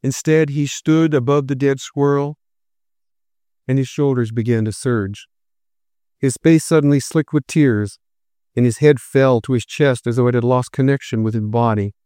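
A man narrating a first-person story in a steady, measured reading voice. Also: medium pitch, clean tone, dry recording, studio quality.

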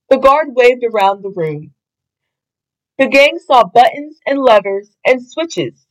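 A woman reading a children's storybook aloud in an expressive, sing-song way. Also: on the high side, slow pace, rough recording. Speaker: storybook reader.

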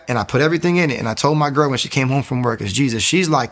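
A man's voice: medium pitch, fast, creaky, few pauses. A young man giving a conversational faith testimony, telling his story with energy and acting out the people he quotes. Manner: animated storytelling, acts out quoted voices.

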